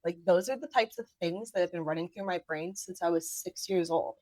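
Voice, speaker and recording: A woman attorney, a podcast guest, giving legal advice in a steady run of points. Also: fairly low pitch, fairly quick, no room sound. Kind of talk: podcast interview.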